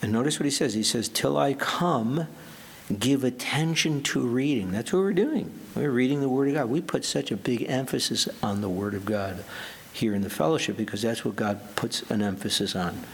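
A man preaching a sermon as pastor, earnest and emphatic, slowing down to stress the scripture he quotes. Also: medium pitch, vocal fry, breathy edge.

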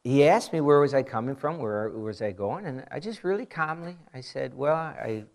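Speaking at a moderate pace in a mid-range voice, a forty-something male pastor gives a sermon that feels like conversation, full of lively storytelling and side remarks.

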